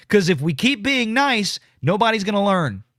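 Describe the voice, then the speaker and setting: Animated ranting man. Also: high-pitched, normal speed, no echo, studio quality. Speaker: show host reading super chats. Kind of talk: casual political commentary livestream.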